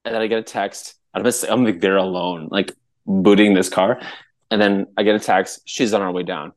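A man co-hosting a podcast, telling a story in a casual, animated way, laughing often and pitching his voice up high when he quotes people. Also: normal speed. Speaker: podcast co-host.

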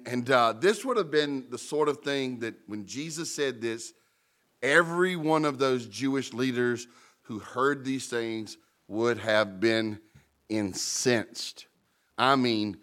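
A man's voice: medium pitch, fairly bright tone. Emphatic man preaching a sermon. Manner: emphatic, repeats key words for weight; conversational and colloquial preaching with asides to the congregation. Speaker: pastor.

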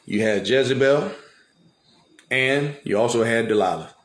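A male preacher retelling Bible stories in lively everyday speech and slang during a sermon. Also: medium pitch, a little slow, roomy sound. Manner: animated, retells scripture in everyday vernacular. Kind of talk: sermon storytelling.

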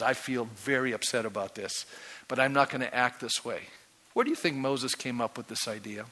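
A male pastor preaching a sermon to his congregation, animated and constantly asking them questions. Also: a little high. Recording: long hall reverb.

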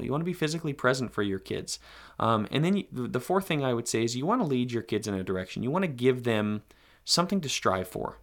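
A man's voice: mid-range voice, very animated, fast talker, a bit bright. A man hosting a podcast, giving earnest, direct advice to fathers in a conversational monologue. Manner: earnest, direct, speaks to fathers in second person. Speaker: podcast host.

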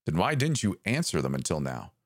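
A man voicing a creature calling over the radio, pleading at first and then taunting and menacing, with a raspy edge. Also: sits low, wildly swooping pitch, fairly quick, dry recording, clean studio sound, exaggerated voice. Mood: suspicious.

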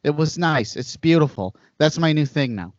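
A man's voice: a little high, moderate pace, no echo. Male podcast host, casual rambling talker, dry lo-fi recording. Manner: rambling storyteller, animated asides. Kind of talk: casual chat.

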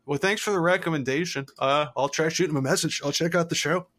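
A man's voice: on the high side, fast, fairly bright tone. Crude, laid-back young man podcaster. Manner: crude, laughing, easygoing. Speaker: podcast co-host. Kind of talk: casual comedy podcast chat.

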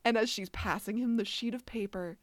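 A woman's voice: medium pitch, a little fast, no room sound, studio quality. A woman co-hosting a casual podcast, giving opinions on a TV episode, quoting scenes in mock dialogue and laughing often. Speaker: podcast co-host. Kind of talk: casual chat recapping a TV episode. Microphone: remote call setup, each on own end.

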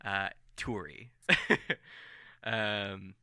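A man's voice: fairly low pitch, fairly even intonation, extremely slow, bright, forceful tone, smooth, no echo, clean studio sound. A man narrating a tabletop game as game master in a loose, casual storytelling manner.

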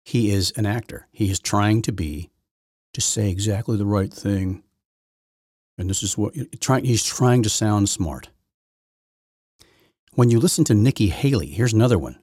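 A man's voice: on the low side, a little slow, pauses often, darkish tone, breathy edge, dry recording, clean studio sound. A man hosting his own podcast, giving rambling, opinionated solo commentary full of restarts and repeated words. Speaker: podcast host.

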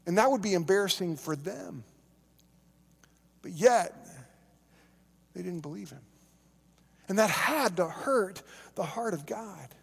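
High-voiced preacher in a reverberant hall. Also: male voice, expressive, a little slow, vocal fry, pauses often, husky. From Oklahoma. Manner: earnest, repeats words on restarts, acts out quoted voices. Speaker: pastor. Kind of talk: sermon.

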